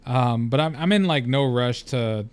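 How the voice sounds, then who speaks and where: His podcast is a solo show, and the young man speaks smoothly at a moderate pace and medium pitch, wandering candidly from point to point with lots of fillers and casual profanity.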